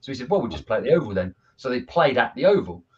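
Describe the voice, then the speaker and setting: A man's voice: mid-range voice, very fast, slightly rough, lo-fi sound. A man, a football coach, telling stories in a casual video chat. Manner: animated storyteller, laughs at his own anecdotes.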